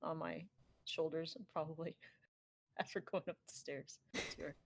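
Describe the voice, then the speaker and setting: A woman's voice: low voice, fairly even intonation, normal speed. A woman playing a tabletop game, chatty, describing her character's actions in first person. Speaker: player. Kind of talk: casual tabletop play.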